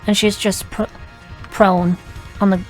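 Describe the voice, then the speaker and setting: A woman narrating a tabletop game as game master, halting and restarting as she describes the scene. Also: mid-range voice, level tone, soft background music.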